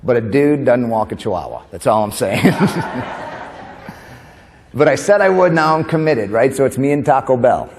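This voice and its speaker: A man from New York delivers a stand-up comedy keynote on a conference stage. His pitch sits mid-range as he rattles off quick asides and laughs at his own jokes. The sound carries a long hall reverb. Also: expressive, darkish tone, a little hiss or hum. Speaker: comedian and motivational speaker.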